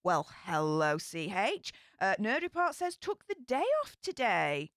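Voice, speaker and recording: Lively upbeat Yorkshire woman. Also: medium pitch, unhurried, no room sound, studio quality. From Yorkshire, England. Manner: upbeat, chatty, bursts of excitement. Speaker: livestream host. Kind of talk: casual livestream chat reading comments.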